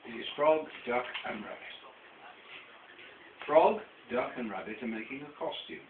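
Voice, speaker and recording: An older man reading a picture book aloud to a child at home, slow and playful. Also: medium pitch. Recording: distant tinny camcorder audio with echo and hiss.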